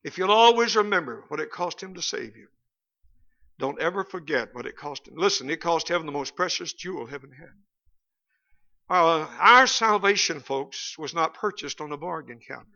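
Male Baptist preacher, high and bright, folksy and emphatic, on a dull lo-fi church tape. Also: lively intonation, normal speed. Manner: folksy, humorous, rising to emphatic peaks. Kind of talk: sermon.

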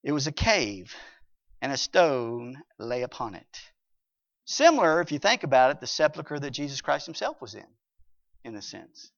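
A man preaching a sermon with emphasis, swinging between loud passages and hushed ones and reading scripture aloud. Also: mid-range voice, very animated, moderate pace. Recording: dull lo-fi recording.

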